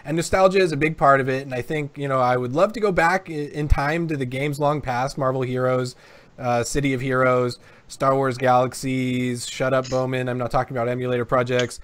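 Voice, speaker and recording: A man's voice: mid-range voice, fairly even intonation, a little fast, fairly bright tone. A man co-hosting a gaming podcast in casual chat, blunt and offhand. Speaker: podcast co-host.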